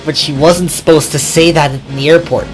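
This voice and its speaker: A woman telling a toy train story in an improvised way, with a slow, sing-song delivery. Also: deep voice, steady tone, soft background music.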